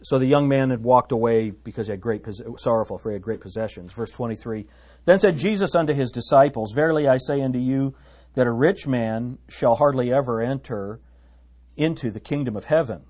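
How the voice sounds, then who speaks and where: Guy teaching bible verses, kinda husky voice, chatty and jokey, reads scripture aloud. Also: mid-range voice, fairly quick, darkish tone. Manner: chatty and joking, laughing at his own asides and reading scripture aloud.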